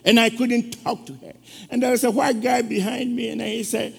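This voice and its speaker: High, gravelly-voiced man preaching in a reverberant church. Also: little pitch movement, normal speed. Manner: emotional storytelling with call-and-response questions. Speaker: guest preacher. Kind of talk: sermon. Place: church sanctuary.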